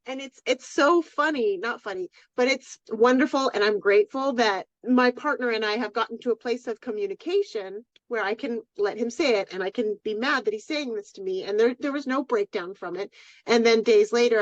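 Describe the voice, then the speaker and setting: A woman co-hosting a podcast, sharing a heartfelt personal story in an open, unguarded way with frequent restarts. Her voice sits on the higher side. The sound is dry and a little dull. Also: brisk, no echo. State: tearful. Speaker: podcast co-host. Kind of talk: casual chat.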